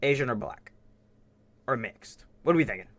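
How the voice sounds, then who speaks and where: A man's voice: mid-range voice, animated, normal speed, creaky, a bit bright, no room sound. A man reacting to a true-crime video, blurting out comments and joking over the footage. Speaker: streamer reacting to a crime documentary.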